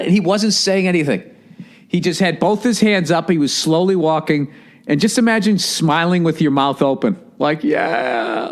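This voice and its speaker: A man hosting a podcast, telling a long, profane anecdote in a casual monologue and mimicking people as he goes. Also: on the high side. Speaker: podcast host.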